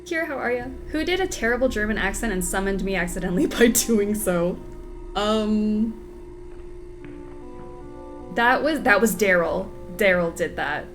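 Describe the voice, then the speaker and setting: A woman's voice: medium pitch, lively intonation, moderate pace, pauses often, soft background music. A woman streaming a mystery video game, chatting casually, joking and laughing with her viewers as she plays. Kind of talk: casual gameplay commentary.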